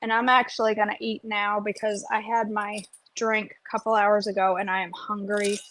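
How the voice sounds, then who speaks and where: A woman's voice: mid-range voice, flat delivery, normal speed, fairly bright tone. A woman, chatting casually through a cooking vlog and often checking in with "okay?". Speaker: cooking vlogger.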